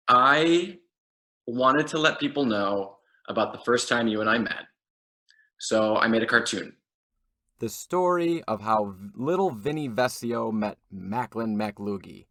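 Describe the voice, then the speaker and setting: A man, an actor and guest, telling an absurd comedic story in a rambling, deadpan way with fillers and restarts. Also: medium pitch, gravelly, a little hiss or hum.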